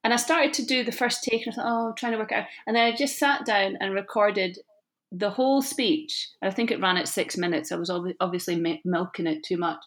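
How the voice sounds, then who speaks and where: A woman's voice: mid-range voice, brisk. Chatty woman with a slight lisp. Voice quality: slight lisp, lazy tongue. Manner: chatty, self-deprecating, laughs often. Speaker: actress, podcast guest. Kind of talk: casual interview chat.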